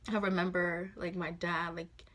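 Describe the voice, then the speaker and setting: A woman in her twenties tells a personal story in a casual vlog, speaking softly and haltingly with many fillers. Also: on the low side, level tone. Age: 20s. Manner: soft, halting, full of fillers. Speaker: vlogger.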